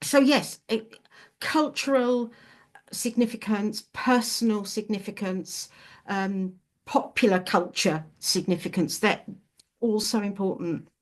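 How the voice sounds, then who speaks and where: A woman's voice: mid-range voice, slow pace. A woman guest chatting casually in an interview as a witch and author, searching for words as she goes.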